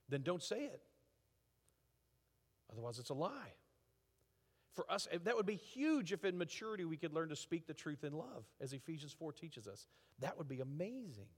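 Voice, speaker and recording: A middle-aged man preaching a conversational sermon as a pastor, with lively acted asides. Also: on the high side, brisk. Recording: long hall reverb.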